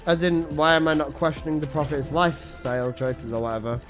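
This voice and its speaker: A man's voice: a little high, fairly quick, over music. A young man chatting casually on a game stream, joking crudely and laughing at his own lines. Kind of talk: casual live-stream chat.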